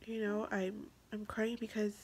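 A young woman vlogger speaking through tears in an emotional confessional vlog, halting and repeating herself, often dropping to a whisper. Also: mid-range voice, level tone, darkish tone, slightly rough. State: tearful.

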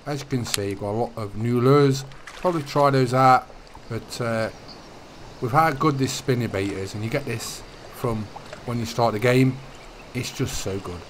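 A young man talks casually over a fishing game, his voice sitting at an ordinary middle pitch. He drifts from chat into friendly tips in a relaxed, easygoing way. A faint background noise runs under the recording. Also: moderate pace. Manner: chatty, relaxed, gives tips. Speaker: gaming YouTuber. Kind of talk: casual gameplay commentary.

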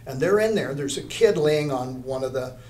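A man's voice: mid-range voice, expressive, normal speed, darkish tone, slight background noise. An older man, an art teacher, telling a story in an interview, rambling, with many restarts.

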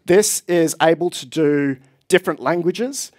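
A man's voice: fairly high pitch, unhurried. Enthusiastic man giving a conference talk. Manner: enthusiastic, explanatory. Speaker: conference presenter. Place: conference hall.

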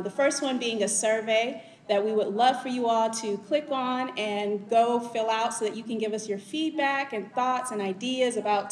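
Upbeat woman host in an echoey room. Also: a little high. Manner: upbeat, casual, uses y'all. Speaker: moderator. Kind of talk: hosting a panel discussion.

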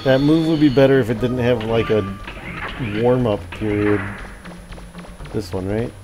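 A young man with a mid-range voice commenting on his gameplay in a loose, meandering way. He fills pauses with ums and likes and curses when annoyed, while game music plays clearly behind him. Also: medium pitch, fairly even intonation. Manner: rambling, swears when frustrated, many fillers. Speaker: let's play host.

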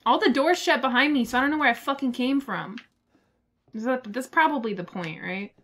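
A young woman streaming a horror game live, excitable, swearing and laughing often. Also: high-pitched, brisk. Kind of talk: live gameplay commentary.

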